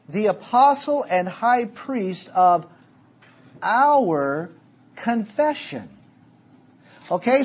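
A man with a Southern American accent preaching a sermon, emphatic and deliberate, slowing to stress key words. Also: high-pitched, breathy edge. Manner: emphatic, drawn-out delivery, dropping to quiet storytelling.

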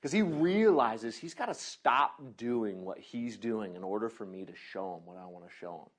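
A man preaching a sermon, telling a lively personal story and then turning quiet and earnest as he preaches. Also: fairly low pitch, normal speed. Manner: animated storytelling, laughing, acting out voices.

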